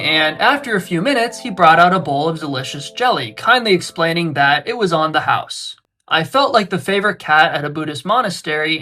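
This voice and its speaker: A man's voice: on the high side, pushed and bright. A young man narrating a travel vlog from a script, with self-deprecating, wry humor. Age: young adult. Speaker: travel vlogger.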